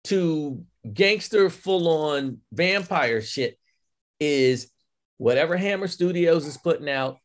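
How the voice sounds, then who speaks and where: A man co-hosting a podcast, talking casually about films in a profane, animated way and acting out quotes. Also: on the high side, slow. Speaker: podcast co-host. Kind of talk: casual film chat.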